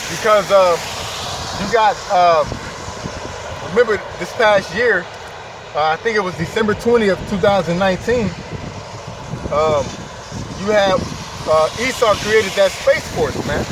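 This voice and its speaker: A man's voice: high voice, measured pace, pauses often. A man preaching informally outdoors, emphatic and repetitive, often saying "man" and "okay". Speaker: street preacher. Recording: distant mic, loud traffic noise outdoors.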